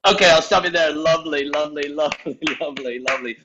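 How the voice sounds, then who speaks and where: A man's voice: on the high side, quick pace, highs cut off, background noise. A man directing an improv class, upbeat and encouraging, with many fillers like uh and um, on a video call. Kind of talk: coaching an online class.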